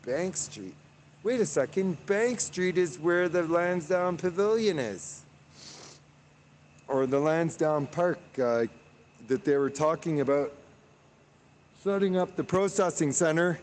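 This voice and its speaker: A man's voice: a little high, animated, slow, long pauses, a little mellow, slight background noise. A man chatting on a live stream from the street outdoors, reading viewer comments aloud and rambling with many fillers. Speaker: livestreamer.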